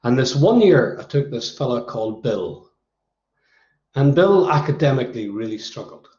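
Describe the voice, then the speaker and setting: A hoarse man, a motivational speaker telling anecdotes to students in a conversational way. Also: medium pitch, sing-song, normal speed, darkish tone, roomy sound, highs cut off. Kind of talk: storytelling talk to students.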